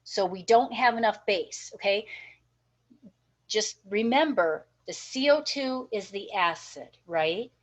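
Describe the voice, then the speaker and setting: A woman's voice: medium pitch, lively intonation, takes it slowly. A woman teaching a nursing class, encouraging and checking in with her students often. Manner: encouraging, checks in with frequent "okay?" and "right?". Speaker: nursing instructor. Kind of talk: recorded class lecture. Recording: dull lo-fi lecture recording.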